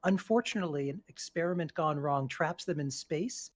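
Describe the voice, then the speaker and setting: A man guesting on a podcast, his voice sitting a little higher than most men's. He lays out an improvised comic story in a dry, detailed way. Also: normal speed.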